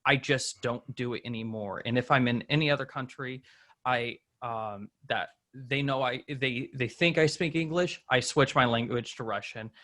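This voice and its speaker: Podcast host, male, bright tone, lively anecdotes with mimicked voices. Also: mid-range voice, moderate pace. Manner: animated storytelling, acts out quoted people; many fillers and restarts. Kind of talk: casual conversation.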